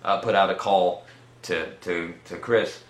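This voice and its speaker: A man's voice: deep voice, steady tone, unhurried, reverberant. A tired man telling a rambling personal story in a casual way, repeating words and using many fillers. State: tired, nauseous.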